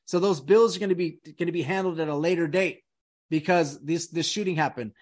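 A man's voice: fairly high pitch, a little fast. A man hosting a casual podcast chat, emphatic, often repeating himself and restarting sentences. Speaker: podcast host.

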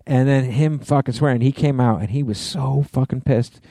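A man's voice: mid-range voice, moderate pace, creaky, mellow, dry recording. A man co-hosting a podcast, telling rambling, profane stories full of "you know". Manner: rambling storyteller, lots of you-knows, swearing. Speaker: podcast co-host. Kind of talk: casual chat.

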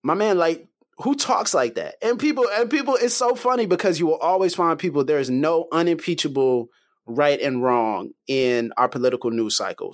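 Man co-host, slangy, incredulous, mid pitch. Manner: incredulous, slangy, rising to high exclamations. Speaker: podcast co-host. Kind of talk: casual political discussion.

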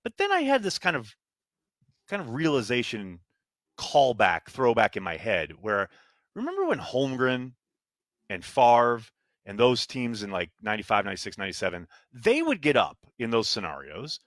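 Lively, bright-voiced man talking sports. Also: mid-range voice, normal speed, no echo. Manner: animated, rambling storyteller who mimics fans. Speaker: podcast co-host. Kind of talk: casual sports podcast chat.

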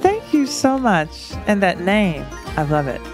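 A woman from the American South, a guest telling stories in a casual, animated interview chat. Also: mid-range voice, music in the background. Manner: animated storytelling, fast and lively.

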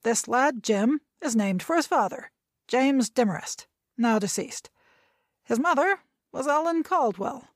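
A domineering grandfather in his nineties lectures with sharp impatience, as a woman reading a novel voices him. He snaps out facts as if no one else can explain them. The sound is dry and close. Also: a little high, no room sound, voice pushed up. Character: irritable very old man, domineering grandfather.

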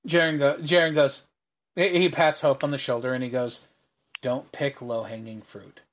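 A man with an everyday mid-pitched voice runs a tabletop game as its game master. He narrates the scene and drops low and quiet when he voices the characters. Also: fairly even intonation, moderate pace.

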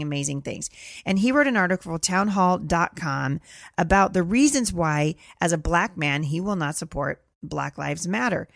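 A woman's voice: on the low side, dry recording, clean studio sound. A middle-aged woman hosting a podcast, telling stories in an earnest, conversational way. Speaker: podcast host. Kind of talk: casual commentary monologue.

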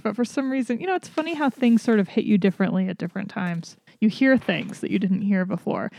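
A woman co-hosting a casual investing podcast, chatty and reflective, with wry asides. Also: a little high. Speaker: podcast co-host.

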